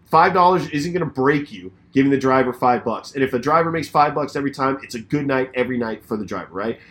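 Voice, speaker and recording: Animated man with a lively voice. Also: medium pitch, fast talker. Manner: animated, swearing, breaks into bits of song. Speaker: podcast co-host; pizza delivery driver. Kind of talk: casual chat.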